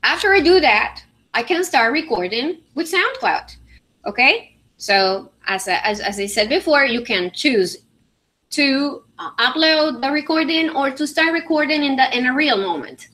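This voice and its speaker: A woman gives a conference talk about teaching pronunciation. Her voice sits a little high and sounds bright. She explains things step by step, often pausing on fillers and checking in with the audience. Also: expressive. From Venezuela. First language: Spanish. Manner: explanatory, many fillers and "all right?" checks. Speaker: English teacher presenting. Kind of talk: conference presentation with screen demo.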